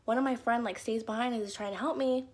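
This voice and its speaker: A chatty young woman tells a story-time vlog in a fairly high voice. She talks casually and fills her lines with "like", slipping into little acted quotes from the people in her stories. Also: steady tone, fast talker, a little mellow. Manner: chatty, lots of "like" fillers, acts out quotes. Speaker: YouTuber.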